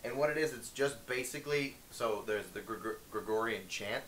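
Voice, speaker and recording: A young man co-hosting a casual podcast chat, animated and quick to explain things. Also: medium pitch, slight background noise. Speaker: podcast co-host.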